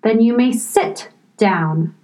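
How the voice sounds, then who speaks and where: Woman voicing a fretful storybook king, slow, weary, anxious. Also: on the high side, big pitch swings, mellow. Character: fussy anxious old king of a court.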